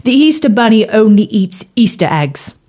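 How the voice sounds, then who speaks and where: A woman's voice: medium pitch, big pitch swings, moderate pace, mellow. Kindly storybook frog prince, patient and a touch grand, his voice set apart in timbre, played by a woman. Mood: amused. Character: genial frog who was once a prince, male.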